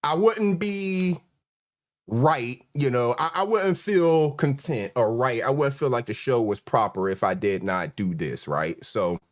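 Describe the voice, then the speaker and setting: A man with a North Carolina accent hosting a casual live stream, relaxed and chuckling as he greets viewers. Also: medium pitch, a little slow. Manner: laid-back, chuckling, shout-outs to viewers. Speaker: livestream host.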